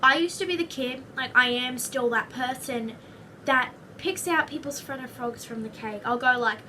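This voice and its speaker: A woman's voice: high-pitched, moderate pace, sharp tone, recorded from a distance, slight background noise. A young woman with an Australian accent chatting in a casual vlog, rambling and goofy, full of jokes and asides. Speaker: vlogger.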